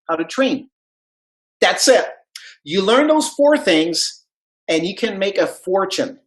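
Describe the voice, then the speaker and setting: Animated man telling a sales story. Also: high voice, low-quality recording. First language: not English. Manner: animated storyteller, acts out quoted dialogue. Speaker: network marketing speaker. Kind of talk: motivational talk with storytelling.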